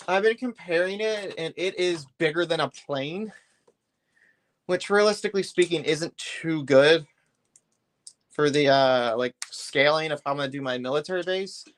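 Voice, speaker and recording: A man with a voice a touch higher than most, talking in an easy, loose live-stream chat. He rambles and lets his sentences drift off before picking them back up. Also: a little slow, long pauses. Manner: rambling, loose and talkative, often trailing off. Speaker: live streamer building a brick set.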